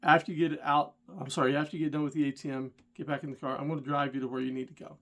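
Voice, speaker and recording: A man's voice: fairly high pitch, flat delivery, rapid-fire, fairly bright tone. A middle-aged man, a rideshare driver and channel host, telling a story straight to the viewer and getting worked up and indignant. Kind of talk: casual storytelling vlog.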